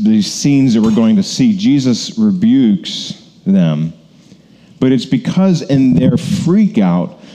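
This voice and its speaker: A man's voice: medium pitch, dark tone. A man preaching a conversational sermon, rambling with many fillers and self-corrections. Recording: long hall reverb.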